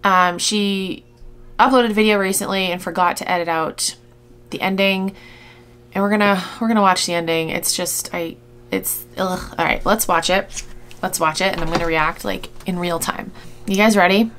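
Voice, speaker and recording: A woman's voice: mid-range voice, steady tone, normal speed, a bit bright. A woman giving reaction commentary on a video, indignant and exasperated, with frequent sighs. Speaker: YouTube commentator.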